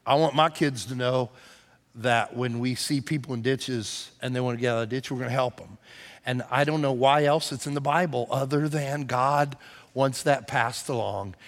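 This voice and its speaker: A middle-aged man preaching a sermon as pastor, telling a story that swells to loud excited peaks and drops to hushed tones. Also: mid-range voice, moderate pace. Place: church sanctuary. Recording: long hall reverb.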